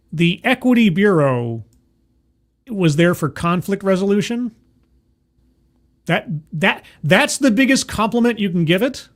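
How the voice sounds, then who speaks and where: A man's voice: on the high side, darkish tone. A man reading news articles aloud and breaking in with sarcastic, incredulous commentary, recorded indoors. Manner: sarcastic, incredulous asides between quoted passages. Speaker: commentary host. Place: indoors, with trucks passing outside.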